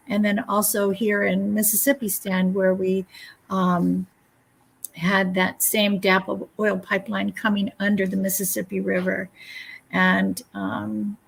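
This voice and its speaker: A woman in her seventies tells personal stories as a guest on a live broadcast. Her voice is husky and a little breathy, sitting in a middle register. She speaks gently and reflectively, pausing often with small filler sounds. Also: mid-range voice, poor audio. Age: 70s. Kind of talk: casual personal storytelling.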